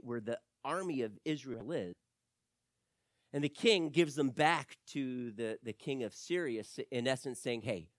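Emphatic sermon preacher, very expressive pitch, dry and close, swings between loud and soft. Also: dry recording. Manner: animated, emphatic storytelling preacher.

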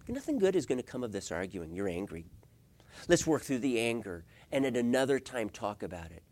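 A middle-aged man preaching a sermon as a pastor, swinging from hushed asides to loud emphatic points and asking rhetorical questions. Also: mid-range voice, sing-song, fairly quick.

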